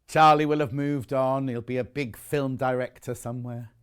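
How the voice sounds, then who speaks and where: A man's voice: mid-range voice, steady tone, moderate pace, few pauses, clear, resonant tone. A British man presenting live on a shopping channel, chatty and gushing as he shows off fabrics. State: out of breath. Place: TV studio.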